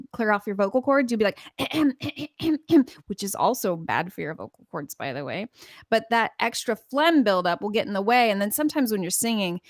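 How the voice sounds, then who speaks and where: A woman's voice: medium pitch, dry recording, clean studio sound. An American woman from California giving a casual live-stream singing lesson, chatty and rambling, laughing often. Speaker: singing teacher.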